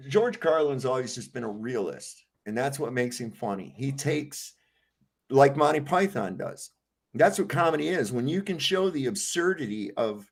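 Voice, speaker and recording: Laid-back man with lively, voice-filled storytelling. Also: fairly high pitch, slightly rough. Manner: animated storyteller, acts out comedy scenes in voices; laid-back, swears, says "man" and "dude". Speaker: panel host. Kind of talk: casual panel chat. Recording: online call audio.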